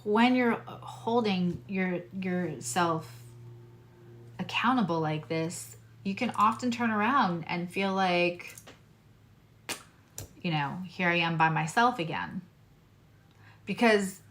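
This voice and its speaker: A woman's voice: on the low side, slow pace, pauses often, a bit bright, a little hiss or hum. A woman astrologer giving a casual, earnest tarot reading, speaking straight to her viewers in a reassuring way.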